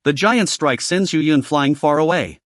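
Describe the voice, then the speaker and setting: A man's voice: on the high side, normal speed, no echo, studio quality. A man narrating a story recap in a scripted, dramatic storytelling voice.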